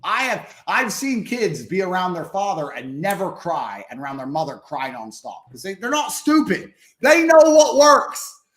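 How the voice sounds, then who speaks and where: A man's voice: high voice, very animated, moderate pace, fairly bright tone. A man speaking bluntly and emphatically as a podcast guest, swearing and repeating himself for force. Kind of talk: podcast conversation. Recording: roomy echo.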